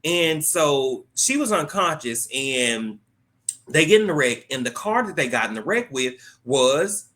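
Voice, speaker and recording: A man's voice: a little high, big pitch swings, unhurried, pushed and bright. A man hosting his own channel, casually recapping a TV episode in a slangy, joking way as he retells the plot's dialogue.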